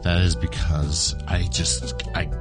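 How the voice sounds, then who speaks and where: A low-voiced man rambles through a giddy, mock-confessional testimonial about his own silly habits. His deep voice bounces between hushed asides and excited bursts, with guitar music clearly audible underneath. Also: slow. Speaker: listener sending voice feedback.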